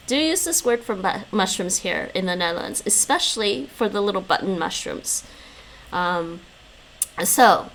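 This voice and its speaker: Lively, laughing woman streamer. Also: mid-range voice, a little hiss or hum. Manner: chatty, laughs often, animated. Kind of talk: casual live-stream chat.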